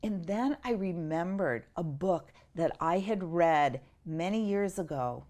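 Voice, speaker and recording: A middle-aged woman, an interview guest, tells a personal story in an animated, emotional way and acts out the voices of the people in it. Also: fairly low pitch.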